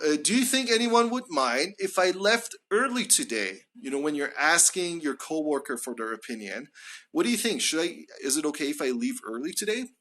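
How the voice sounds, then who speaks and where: A man's voice: fairly high pitch, a bit bright. Guy teaching english on a live stream, bouncy voice that swings up and down, stretches out his example sentences.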